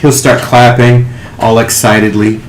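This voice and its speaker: A man narrating a tabletop game as game master, in a casual, relaxed way with fillers. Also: medium pitch, a little slow. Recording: echoey room, faint hiss.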